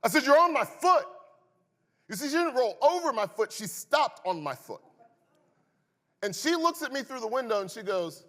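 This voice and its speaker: Animated young pastor in an echoey church hall. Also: male voice, very high voice, normal speed. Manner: animated, building to loud emphasis in stories; wry, joking asides to the congregation. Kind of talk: sermon with personal storytelling. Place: church sanctuary.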